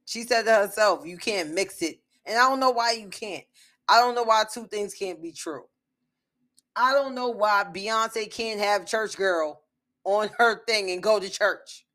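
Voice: medium pitch, measured pace, sharp tone. A commentator delivering an impassioned opinion monologue, emphatic and full of repeated rhetorical questions.

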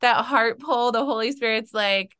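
A woman's voice: fairly high pitch, moderate pace, sharp tone, clean tone. A woman host in her forties interviewing a guest about faith, enthusiastic and affirming. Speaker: podcast host.

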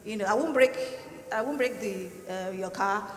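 A woman's voice: medium pitch, moderate pace, slight background noise. A woman on a church panel, answering earnestly and emphatically and repeating her points. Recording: echoey hall, faint ambience.

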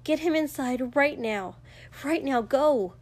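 A firm, caring young healer woman, brisk with orders yet gentle underneath, as a woman narrating a story puts her on. Her voice sits a bit higher and steady. It is a storybook reading pace, measured and clear.

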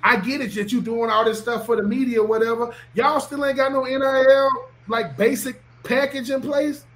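A man's voice: extremely high pitch, fairly even intonation, normal speed, fairly bright tone. A man, a former football player talking on a podcast in an emphatic, preachy way, often repeating himself. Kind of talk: animated podcast talk.

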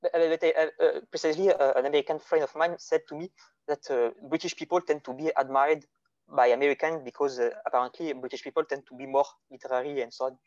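A French-accented man, a native French speaker, talks through ideas as a podcast guest, pausing and restarting as he hunts for the right English words. His voice sits a touch high for a man. The sound is dull and lo-fi, with a dry, close room. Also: steady tone, a little mellow, dry recording. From France. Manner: halting, searching for words in a second language. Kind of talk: casual philosophical discussion. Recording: dull lo-fi audio.

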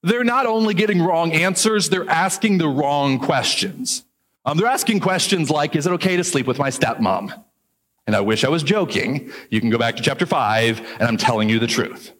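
A man preaching a sermon as pastor, lively, joking aside now and then and drawing out key words for emphasis. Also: fairly high pitch, normal speed. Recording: long hall reverb.

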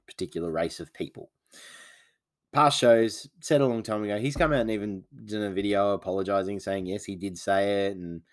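A man, sounding congested from hay fever, rambling casually as the host of a solo podcast. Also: lowish voice. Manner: rambling, chatty, many fillers.

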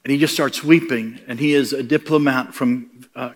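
An American man preaching, telling a funny travel story with lively comic voices. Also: medium pitch, moderate pace. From United States. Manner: animated, comic voices in quoted lines. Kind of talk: storytelling sermon.

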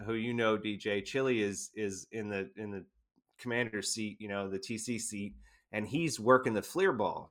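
A man, an army veteran guest, casually telling an animated anecdote and often laughing. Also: lowish voice. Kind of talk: casual storytelling.

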